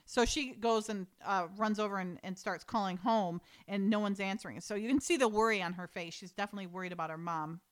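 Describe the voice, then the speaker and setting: A woman's voice: medium pitch, a little fast, few pauses. A woman co-hosting a casual podcast, retelling a TV episode scene by scene and laughing along the way. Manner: chatty retelling, acts out the characters' lines, laughs often. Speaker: podcast co-host recapping a TV episode. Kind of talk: casual chat.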